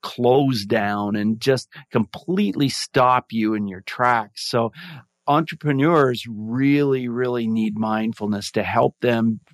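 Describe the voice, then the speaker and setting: A man's voice: medium pitch, takes it slowly, dry recording. A man and former music teacher, a guest giving earnest, reflective interview answers, often restarting his phrases.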